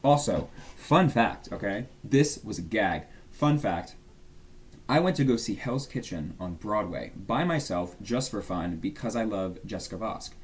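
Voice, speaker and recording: Young man, low voice, swooping animated delivery, gushing and chatty fan talk. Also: measured pace. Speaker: YouTuber. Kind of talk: casual fan tier-list chat.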